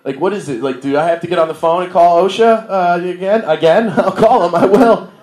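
A man in his thirties performs a loose, self-deprecating stand-up set before a live audience in a bar, often laughing at his own jokes. His high-pitched voice is fairly quick with a darkish tone, and the recording has a roomy live-venue sound.

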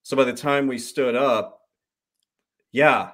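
A man at a middle pitch tells a travel story on a casual livestream. He acts out what people said in short quoted bits. He swears freely as the story goes on. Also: slow. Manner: swears freely, animated anecdote with quoted voices. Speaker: host.

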